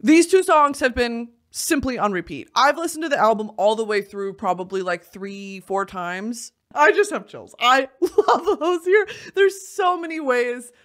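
Young woman host, brash and theatrical, wildly lively intonation, uncensored casual chatter. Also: a little high, moderate pace, hardly any pauses. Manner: animated, bursts of shouting and laughter, swears freely. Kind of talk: casual commentary.

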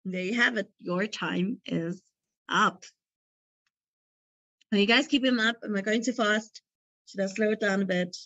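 A woman's voice: mid-range voice, a little slow, long pauses, a bit bright, no echo. A young woman hosting a movie quiz, reading out questions and multiple-choice options and chatting between them with a light, joking manner. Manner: chatty, laughs at her own jokes. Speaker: quiz host. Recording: dull dry lo-fi recording.

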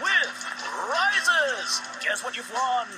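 Teasing game show host , a woman playing her, high and slow, sing-song, game audio with loud music. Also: big pitch swings, exaggerated voice, low-quality recording. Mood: cheery, teasing. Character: cheery female game show announcer, teasing. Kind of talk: game voice-over.

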